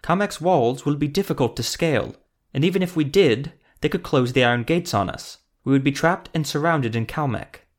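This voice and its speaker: A man's voice: on the high side, expressive, normal speed, close to an everyday voice. A man voicing a blunt, dismissive scarred female elf commando leader in an audiobook.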